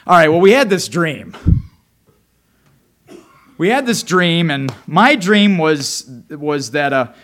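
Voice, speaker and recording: A man's voice: mid-range voice, lightly acted. A man voicing a nervous male prisoner, a royal cupbearer, who stammers and halts. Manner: stammering, halting.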